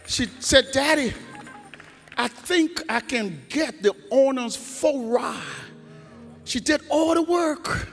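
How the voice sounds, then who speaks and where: High-voiced man preaching in a reverberant church. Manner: preaching cadence, shouts and half-sung lines. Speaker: church leader giving testimony. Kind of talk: testimony rising into shouted praise. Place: large church sanctuary. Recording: long church reverb, faint organ music.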